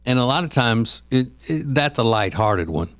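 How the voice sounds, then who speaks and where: A man co-hosts a podcast in loose, casual chat, circling back and restarting his sentences. He acts out the voices of the people he quotes. His voice sits at an ordinary pitch, recorded close and dry with no room sound. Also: animated, normal speed, a bit bright, no room sound. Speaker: podcast co-host.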